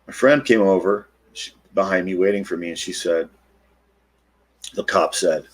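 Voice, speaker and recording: A middle-aged man, a podcast guest, retelling a personal encounter in an animated way and acting out the quotes. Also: low-pitched, normal speed, long pauses. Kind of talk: storytelling interview.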